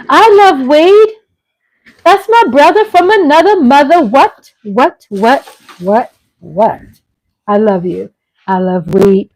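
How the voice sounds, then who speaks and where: A middle-aged woman hosting her vlog at home, chatting casually with viewers; animated and gushing, laughing often and swinging from loud excitement to soft tenderness. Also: medium pitch, low-quality recording. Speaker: vlog host. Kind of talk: casual live chat with viewers. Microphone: on a mic at home.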